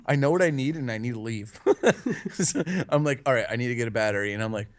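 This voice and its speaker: Casting: young adult man, casual podcast co-host, profane, rambling delivery with frequent laughs, mid-pitched. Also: fast. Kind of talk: casual chat.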